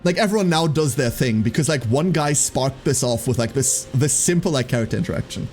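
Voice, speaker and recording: A man's voice: medium pitch, animated, brisk, darkish tone, soft background music. A man streaming, casually chatting with his viewers and telling a story, swearing freely and acting out the people he quotes.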